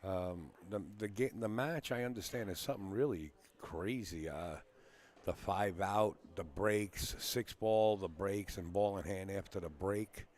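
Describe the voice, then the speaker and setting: A man's voice: sits low, a little slow, a little mellow. A man hosting a casual live stream from a pool hall, rambling and greeting viewers by name.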